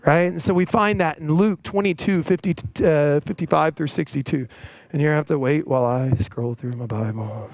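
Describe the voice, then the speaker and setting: A man's voice: on the high side, normal speed, a little mellow, no echo, low-quality recording. A man preaching a sermon in a casual, conversational way, often asking "right?" and acting out the voices in the stories he tells. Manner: conversational, tag questions, retells stories with quoted voices. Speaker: preacher and coach.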